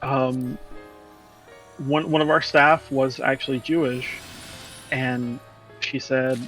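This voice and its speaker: A man's voice: mid-range voice, fairly even intonation, takes it slowly, fairly bright tone, faint music behind, poor audio. A man chatting casually during a game stream, telling a long, rambling story and laughing along as he goes. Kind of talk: casual chat while gaming.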